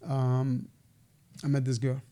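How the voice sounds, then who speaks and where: New guy in his 40s telling work stories on a podcast, mellow tone, lively. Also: mid-range voice, takes it slowly, clear, resonant tone. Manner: animated, laughs while telling stories. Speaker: podcast guest. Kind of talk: casual storytelling interview.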